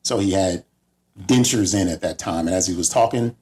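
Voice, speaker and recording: A man co-hosting a podcast, riffing in a laid-back, deadpan way. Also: low voice, moderate pace. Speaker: podcast co-host. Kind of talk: casual comedic podcast banter.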